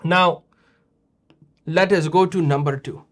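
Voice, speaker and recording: Playful high-voiced host teasing kids. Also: male voice, fairly even intonation, slow pace. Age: middle-aged. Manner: playful teasing, mock-scolding. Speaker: host judging kids' videos. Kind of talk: casual chat.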